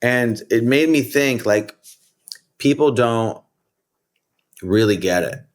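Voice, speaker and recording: A man's voice: medium pitch, slow pace. A middle-aged man, a rapper and comedian telling stories in a casual interview, rambling with lots of "like" and "you know". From United States. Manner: rambling, animated, many "like" and "you know" fillers. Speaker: rapper and comedian, podcast guest.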